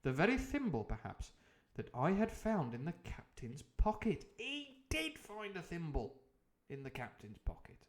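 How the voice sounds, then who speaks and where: A man's voice: a little high, huge pitch swings, moderate pace, hardly any pauses. Rambling man reading aloud with jokes. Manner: rambling and jokey, full of tangents and fillers. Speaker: streamer reading a novel aloud. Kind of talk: live book reading with comic asides.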